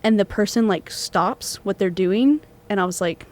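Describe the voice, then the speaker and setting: A woman's voice: mid-range voice, normal speed. Chatty young woman telling ghost stories. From Texas. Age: young adult. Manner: animated storyteller, many fillers, acts out quoted voices. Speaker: student podcast co-host.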